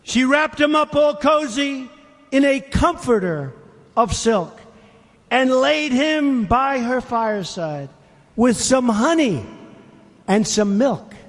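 A man's voice: very high voice, lively intonation, slow. A man giving a rally speech, reading a poem aloud with emphatic, repeated phrases and questions to the crowd. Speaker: political speaker. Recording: long reverb of big hall.

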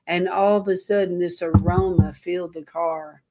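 A woman's voice: mid-range voice, a little fast, hardly any pauses, darkish tone. A woman preacher giving an informal sermon to an online audience, telling a rambling story in an earnest way.

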